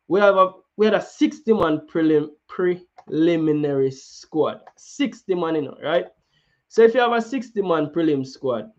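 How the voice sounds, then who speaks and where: On his football channel, a Jamaican-accented host talks informally, slipping into patois and frequently starting sentences over. His voice is a bit high, and the sound is dull.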